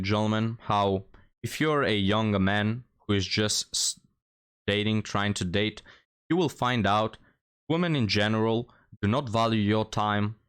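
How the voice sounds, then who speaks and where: A man's voice: fairly low pitch, clear, resonant tone. A man hosting a commentary show, lecturing his viewers and telling a moral story. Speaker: commentary host. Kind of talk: reaction commentary.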